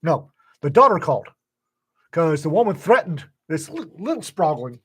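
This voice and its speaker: An older man tells stories in a relaxed, folksy way. His voice sits a little on the high side. He slips into the voices of the people he quotes as he goes. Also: normal speed, slightly rough. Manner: folksy storyteller who acts out quoted voices. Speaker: podcast co-host telling stories. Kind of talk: casual storytelling chat.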